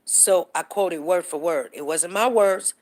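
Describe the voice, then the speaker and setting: A woman's voice: fairly low pitch, unhurried, a little mellow. A woman hosting a show, talking casually with a caller and repeating her points with emphasis. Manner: emphatic, repeats herself, quotes others. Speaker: show host. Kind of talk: casual talk with a phone caller.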